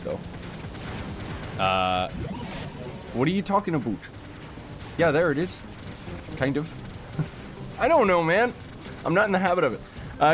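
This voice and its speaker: A young man from Canada hosts a game livestream, just woken up and rambling through chat comments with plenty of "um" and "like." His voice sits at an ordinary middle pitch for a man. Soft game music plays quietly underneath. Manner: rambling, reads chat aloud, many fillers. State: just woke up. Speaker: gaming streamer.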